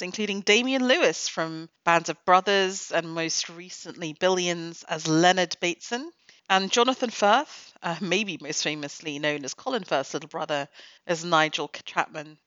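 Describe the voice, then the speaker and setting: A woman's voice: lowish voice, fairly bright tone, dry recording, muffled recording. A woman hosting a book review podcast, talking in a wry, critical, conversational way. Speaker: podcast host.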